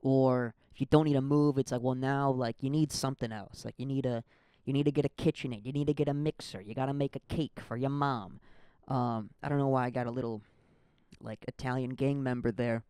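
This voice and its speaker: A man's voice: mid-range voice, steady tone, fairly quick, mellow, clear, resonant tone, dry recording, clean studio sound. A young man from the American Midwest hosting a casual solo podcast, rambling and self-deprecating with lots of fillers. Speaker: podcast host.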